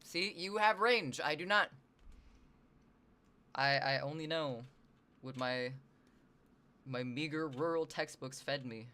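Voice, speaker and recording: A streamer from the Northwestern US, chatting casually with viewers, animated and self-deprecating, swearing freely. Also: medium pitch, takes it slowly, pauses often.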